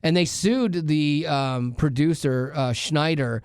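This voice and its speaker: A man's voice: a little high, takes it slowly, darkish tone, clear, resonant tone, no room sound, studio quality. A man hosting a radio show, chatting casually and rambling with lots of fillers. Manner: rambling, many fillers and restarts. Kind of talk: casual chat. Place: radio studio.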